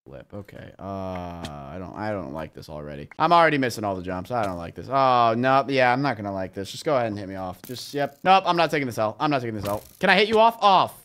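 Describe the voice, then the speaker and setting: A young man giving let's play commentary, excitable and chatting to viewers, yelping "flip" when he fails. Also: lowish voice, fast talker, few pauses, smooth. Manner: excitable, yelps "flip" instead of swearing; chats to viewers while playing. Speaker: YouTuber playing a game.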